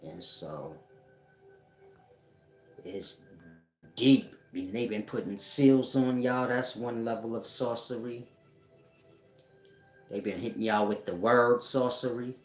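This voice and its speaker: A man's voice: mid-range voice, fairly even intonation, unhurried, pauses often, soft background music. A middle-aged man, a spiritual teacher answering viewers in a casual livestream chat, talking in loose slang and laughing often. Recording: echoey room.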